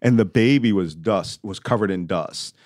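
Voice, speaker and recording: A middle-aged man, a podcast guest, telling a story in a conversational way and acting out his own past lines, loudly at times. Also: on the low side, normal speed, dry recording, studio quality.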